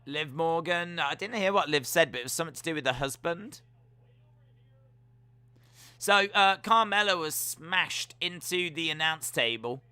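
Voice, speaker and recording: A man giving jokey live reactions while watching a wrestling show, now and then letting out sudden loud yells. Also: fairly high pitch, lively intonation, measured pace, clear, resonant tone. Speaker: wrestling watch-along streamer.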